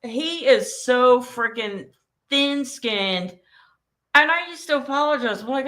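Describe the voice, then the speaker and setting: Brash, bright-voiced woman podcaster. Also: sits high, slow. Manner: blunt, profane, animated ranting. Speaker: co-host. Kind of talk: casual podcast chat.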